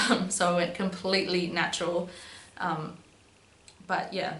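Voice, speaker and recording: A woman's voice: fairly low pitch, little pitch movement, normal speed, a bit bright. A young woman telling a personal story in a casual, chatty way, with lots of "um"s and "but yeah"s. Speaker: vlogger. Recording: echoey room with faint hum.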